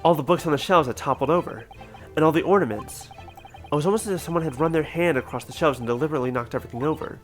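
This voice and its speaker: Guy reading an earnest young lawyer, steady, thinking it through, faint game music. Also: fairly high pitch, very fast, close to an everyday voice. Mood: reasoning.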